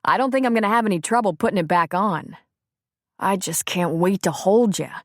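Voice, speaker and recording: A woman narrator voicing a young male Marine calling his wife, warm and teasing. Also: mid-range voice, moderate pace, no room sound, clean studio sound, natural voice. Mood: affectionate.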